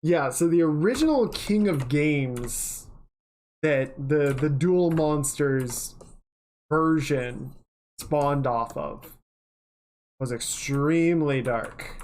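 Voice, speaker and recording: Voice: medium pitch, slow, darkish tone, a little hiss or hum. A livestreamer in casual chat while working, rambling and chatty, swearing offhandedly now and then.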